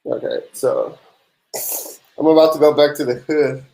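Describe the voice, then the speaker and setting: A man's voice: on the high side, fairly even intonation, unhurried, creaky, mellow. A young man, hosting a casual tax Q&A livestream, laid-back and sleepy, chatting with viewers between answers. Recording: echoey room.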